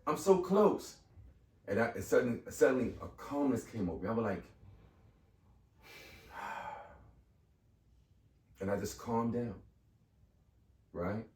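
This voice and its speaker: With a lowish voice, a slow pace, and frequent pauses, a podcast guest in his fifties tells a personal story conversationally. He's animated and acts out quoted voices of the people involved. The audio comes from an echoey room with a distant mic.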